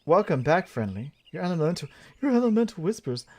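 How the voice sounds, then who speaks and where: Man voicing a gentle male nature teacher. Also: on the high side, very animated, fairly quick.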